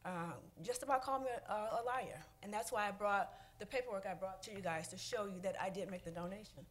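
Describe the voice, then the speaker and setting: Halting, emotional woman at public comment. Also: medium pitch. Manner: halting, many fillers, emotional. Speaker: resident speaking at public comment. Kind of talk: public comment at a council meeting.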